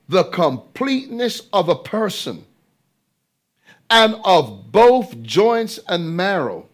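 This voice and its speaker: High, animated, slow-preaching man. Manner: emphatic, drawn-out delivery with rhetorical questions to the audience; repeats phrases for emphasis. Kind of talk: sermon.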